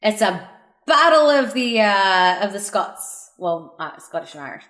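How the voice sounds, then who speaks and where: A woman co-hosting a casual podcast over a call, retelling events with animated quoted voices and frequent laughs. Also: medium pitch, measured pace, reverberant. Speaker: podcast co-host. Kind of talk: casual chat recapping wrestling. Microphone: remote call mic.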